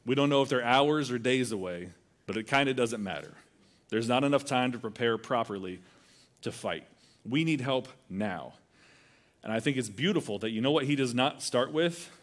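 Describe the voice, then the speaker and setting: A man preaching a sermon at a middle pitch. He talks in a loose, conversational way and slips into quick voices for the people in his story. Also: lively intonation. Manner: conversational, acts out quoted voices. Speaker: pastor.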